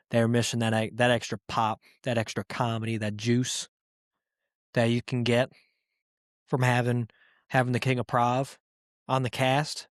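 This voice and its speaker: A man hosting a comedy podcast, ranting in a crude, profane and animated way. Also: medium pitch, no echo, studio quality. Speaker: podcast host. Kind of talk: casual comedic rant.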